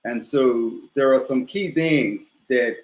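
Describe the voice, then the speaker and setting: A man speaking as a guest on a talk show, measured and steady, with frequent "you know" fillers. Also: medium pitch. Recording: roomy echo.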